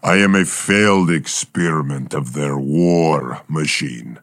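A man voicing a gruff male talking bear, a failed war experiment, in an improvised comedy podcast. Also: a bass voice, takes it slowly, fairly bright tone, no room sound, studio quality, heavily acted.

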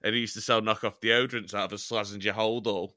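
A man from Chester co-hosts a podcast in loose, joking banter, wandering off on tangents and swearing now and then. His voice is bright and forward. The sound is dry and close, with no room in it. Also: fairly low pitch, steady tone, fast talker, dry recording. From Chester, England. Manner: rambling, jokey, swears casually. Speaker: podcast co-host. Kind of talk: casual banter.

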